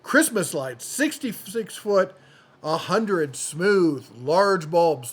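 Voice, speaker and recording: A man's voice: a little high, animated, slow pace. A man hosting a tool deals channel, running through product deals in a chatty, jokey way and often correcting himself mid-sentence. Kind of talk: casual product deal rundown.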